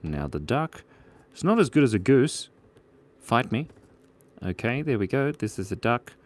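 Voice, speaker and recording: A man's voice: mid-range voice, very animated, a little slow. A young man hosting a live drawing stream, chatting playfully, giggling, and reading out viewer comments. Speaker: drawing livestream host. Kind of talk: casual live drawing chat.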